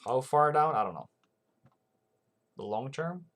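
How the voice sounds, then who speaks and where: A man hosts a relaxed livestream about currency trading. He talks slowly and loosely, restarting his sentences and breaking off to greet viewers from the chat. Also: mid-range voice. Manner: rambling, reads viewer comments aloud, frequent restarts. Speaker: forex trading channel host. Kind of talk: casual livestream market commentary.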